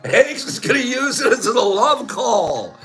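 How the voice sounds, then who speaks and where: Giggly high-voiced man clowning around. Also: sing-song, measured pace, sharp tone, faint music behind. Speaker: host. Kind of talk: casual livestream chat.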